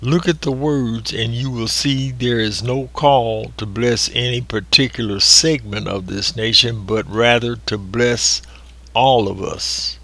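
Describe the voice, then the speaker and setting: Slow, deliberate preacher man. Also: medium pitch, fairly even intonation, a bit bright. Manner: slow and deliberate, drawn-out emphasis. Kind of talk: recorded sermon reading.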